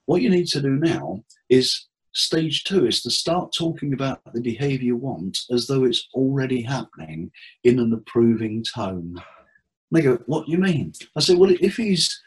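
Husky man telling lively anecdotes. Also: mid-range voice, moderate pace, low-quality recording. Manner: animated storyteller acting out client dialogue. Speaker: therapist guest. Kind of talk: casual interview chat.

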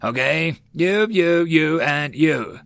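A man voicing a male Marine sergeant who shouts orders in a raised, higher voice, in an audiobook. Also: expressive, takes it slowly, gravelly, heavily acted. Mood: barking orders. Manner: shouting commands.

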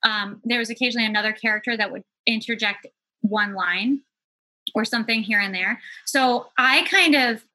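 A woman chats casually about casting and self-taping. Her bright, slightly high voice is loose and full of fillers. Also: normal speed, no echo, poor audio. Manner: chatty, many fillers, light laughs. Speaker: actor and casting helper. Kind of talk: casual chat.

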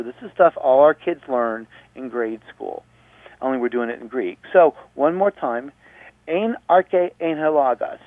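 A man's voice: mid-range voice, no echo. Man teaching on phone-like radio. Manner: explanatory, repeats points patiently. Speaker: radio host. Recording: dry, phone-like radio audio.

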